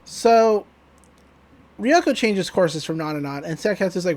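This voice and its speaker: A man with a fairly high voice talks through an anime episode in an easygoing, chatty podcast recap. He jokes, swears casually and laughs as he goes. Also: lively intonation, normal speed, a little mellow. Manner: loose, joking retelling with laughs and swearing. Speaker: podcast co-host.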